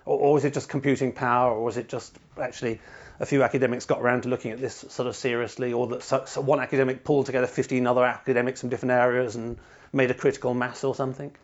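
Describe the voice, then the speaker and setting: Man, podcast host, rapid talker, discursive, wry, lo-fi muffled audio. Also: medium pitch, level tone. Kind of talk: podcast interview.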